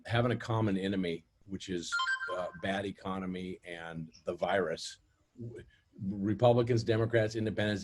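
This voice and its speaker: A man's voice: low-pitched, a little mellow. A man telling rambling, profane stories on a casual industry call. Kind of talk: casual chat.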